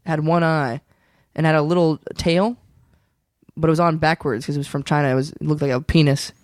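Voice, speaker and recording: A man co-hosting a comedy podcast, playful and excitable, quick to laugh. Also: fairly high pitch, no echo. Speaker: podcast co-host. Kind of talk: improvised comedy podcast banter.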